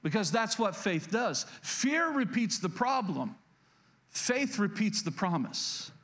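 A man's voice: sits high, big pitch swings, slow, fairly bright tone. A male pastor preaching a sermon, often repeating and restarting words and asking the congregation questions directly. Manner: repetitive, stammering restarts, addresses congregation directly.

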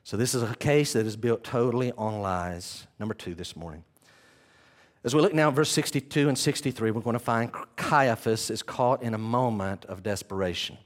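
A male pastor preaching an animated sermon, telling the story with vivid retelling and addressing the listeners as "guys". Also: medium pitch, normal speed.

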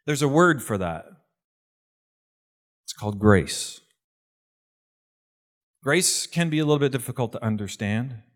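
A pastor giving an earnest, conversational sermon. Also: male voice, mid-range voice, animated, measured pace, long pauses.

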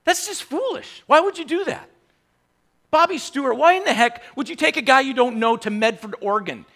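A man preaching a sermon in an animated way, full of mocking rhetorical questions and frequent laughter. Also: very high-pitched, brisk, vocal fry.

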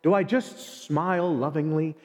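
A man giving a sermon in an animated way, often acting out short everyday exchanges. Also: fairly high pitch, moderate pace. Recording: long reverb.

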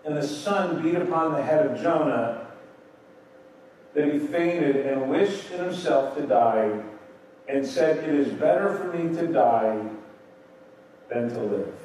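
A man's voice: fairly high pitch, expressive, takes it slowly, long pauses, darkish tone, slight background noise. A man preaching a Bible-teaching sermon and putting questions to his congregation. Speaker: pastor. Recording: roomy echo, distant mic.

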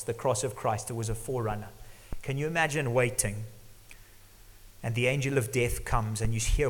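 A middle-aged male pastor preaching an earnest sermon, sometimes dropping to a hush for emphasis. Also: mid-range voice. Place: church hall. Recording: long church reverb.

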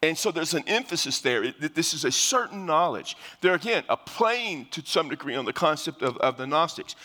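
A man's voice: on the high side, animated, moderate pace, sharp tone. An older man preaching a sermon, explaining scripture in a conversational way, often restarting phrases and using fillers. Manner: conversational Bible teaching with frequent restarts and fillers. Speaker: pastor. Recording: long hall reverb.

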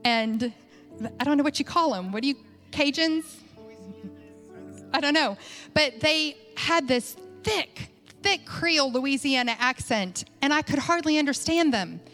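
A woman with a slightly high voice tells a story from the pulpit, talking casually and stopping often to restart her sentences. Soft music plays faintly behind her. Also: animated, unhurried. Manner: chatty, conversational, many fillers and restarts. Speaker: church speaker. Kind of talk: sermon storytelling.

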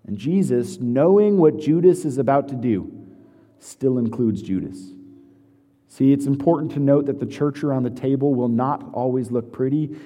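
A pastor delivering a sermon, moving between hushed scripture reading and lively storytelling. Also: male voice, mid-range voice. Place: church sanctuary. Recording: long hall reverb.

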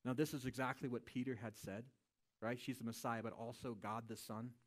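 A man's voice: medium pitch, steady tone, brisk. A man preaching a sermon in a casual, conversational way, often checking in with a questioning "right?". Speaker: pastor.

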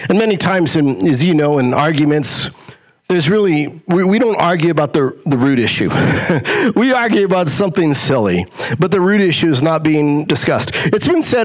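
A man who is a pastor delivers a sermon full of rhetorical questions. His delivery swings between raised, quick lines and low, drawn-out ones.

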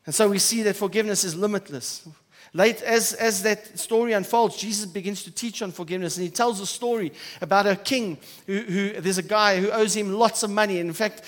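A man preaching a sermon as pastor, swinging between loud emphatic stretches and quiet, soft asides. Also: high-pitched, fairly even intonation, brisk, hardly any pauses. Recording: church hall with long reverb.

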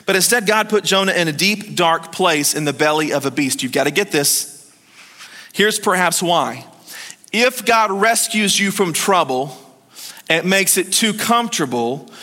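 A man preaching a sermon as pastor of a church, telling stories in a lively way and calling on the congregation to answer him. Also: high voice. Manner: lively storytelling, calls on the congregation to respond. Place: church hall. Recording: long hall reverb.

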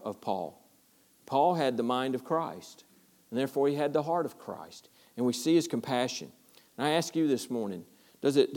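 A man's voice: mid-range voice, dark tone. A man pastor preaching a verse-by-verse sermon with earnest, repetitive phrasing. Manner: earnest, repetitive, stumbling restarts, rising to passion.

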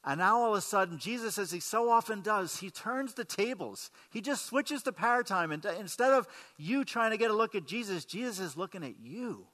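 A pastor delivers a sermon conversationally, frequently putting questions to the congregation. His voice sits high and is expressive, brisk, pushed and bright, with hardly any pauses, and the recording carries a long hall reverb.

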